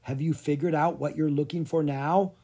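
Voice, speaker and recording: A storybook reader voicing a gentle, concerned old male wizard who asks soft questions. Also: medium pitch, steady tone, moderate pace, breathy edge.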